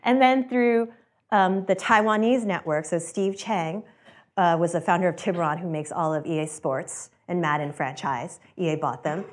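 A chatty woman speaks to an audience about founding her company, with a slightly low voice. She laughs often and acts out the people she quotes. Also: steady tone, moderate pace. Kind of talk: casual talk to an audience.

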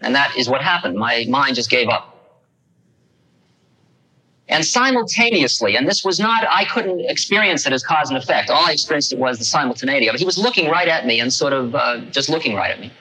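An older man telling a personal story to an audience, animated and acting out the lines he quotes. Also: mid-range voice, fairly quick, husky, poor audio. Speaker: speaker recounting a personal story. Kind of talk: storytelling talk.

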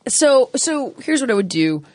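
A woman fitness trainer answering listener questions in casual podcast chat, blunt and energetic. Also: high-pitched, dry recording. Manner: blunt and energetic, explains with quick examples.

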